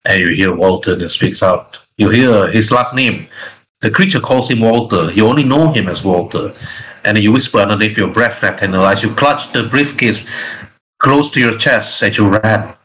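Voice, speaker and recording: A man running a tabletop role-playing game, narrating the scene in a lowish voice. His sentences ramble and run on, stacking one action after the next. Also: moderate pace, a bit bright, poor audio. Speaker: game master.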